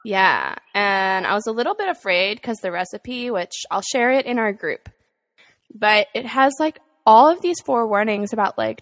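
A woman's voice: medium pitch, moderate pace, a bit bright. A young woman co-hosting a podcast, chatting casually about her morning, laughing often and swearing now and then. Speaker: podcast co-host. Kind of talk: casual chat.

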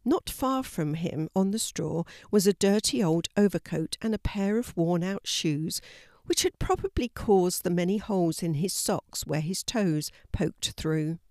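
An older woman narrating a children's story in a slow, gentle storybook manner. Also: fairly low pitch, animated, no echo, studio quality.

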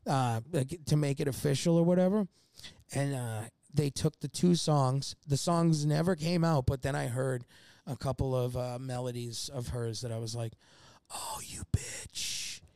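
A man's voice: medium pitch, fairly even intonation, moderate pace, vocal fry, warm tone, smooth, no room sound. A man telling a long, rambling story as a podcast guest, swearing often and laughing mid-sentence. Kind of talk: casual storytelling chat.

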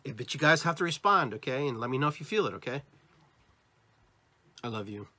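An American man speaks to his listeners in a spiritual podcast monologue. His voice has a slightly husky edge. He talks with animated, expressive inflections, and his pitch moves widely. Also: fast talker, no echo. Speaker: podcast host.

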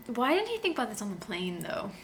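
A woman co-hosting a casual podcast about a book, chatty and quick to laugh. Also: on the high side, a little hiss or hum. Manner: giggly, animated, reads passages aloud. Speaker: podcast co-host. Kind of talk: casual book discussion chat.

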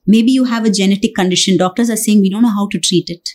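A woman's voice: mid-range voice, steady tone, fast talker, darkish tone. A woman preaching a sermon, earnest and pleading, with many rhetorical questions.

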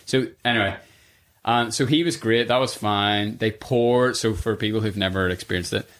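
A man hosting a podcast, chatting casually and telling lively stories with frequent laughter, recorded in a sauna. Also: fairly low pitch, moderate pace. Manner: animated storyteller, laughs often. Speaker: podcast host. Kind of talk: casual chat. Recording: echoey sauna room.

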